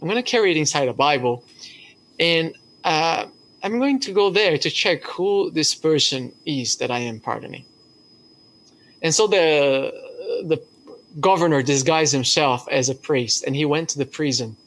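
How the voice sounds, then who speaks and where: A man's voice: on the high side, animated, moderate pace, a bit bright. A man preaching a sermon as pastor, telling a story earnestly with hesitations.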